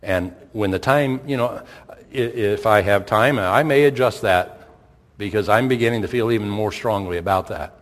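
A man's voice: lowish voice, moderate pace. A middle-aged man, a pastor, preaching a sermon in a conversational way, firing rhetorical questions and repeating his points. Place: church sanctuary. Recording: long hall reverb.

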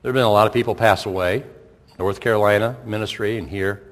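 Middle-aged pastor preaching, casual tone, lots of rhetorical questions, long church-hall echo. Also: male voice, lowish voice, fairly even intonation, fast talker. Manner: conversational preaching, rhetorical questions, repeats himself. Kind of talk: sermon. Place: church sanctuary.

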